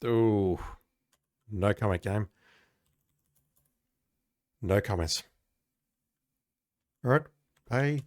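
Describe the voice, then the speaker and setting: Male let's-play host, sarcastic and exasperated, very animated, close dry sound. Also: fairly low pitch, very slow, pauses often, no room sound. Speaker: gamer playing a retro game.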